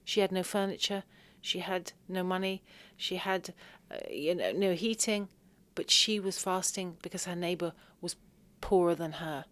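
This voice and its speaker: A woman speaking as a podcast guest, her voice sitting a little low. She tells a personal story earnestly and with deep feeling, sprinkling in devout phrases. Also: normal speed, a bit bright.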